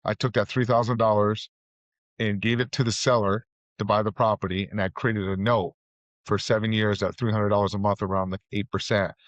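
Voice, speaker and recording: A man's voice: on the low side, flat delivery, brisk, no echo. Middle-aged man telling rambling stories. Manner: rambling, loose, full of fillers and restarts. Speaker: guest, real estate investor and author. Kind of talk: casual storytelling interview. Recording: dull, muffled audio.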